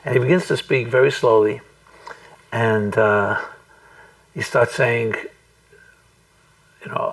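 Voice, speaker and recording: A man, a rabbi, telling a story to a live group, speaking thoughtfully and deliberately with frequent restarts. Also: medium pitch, steady tone, far from the mic, poor audio. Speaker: rabbi giving a talk. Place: room with a small audience.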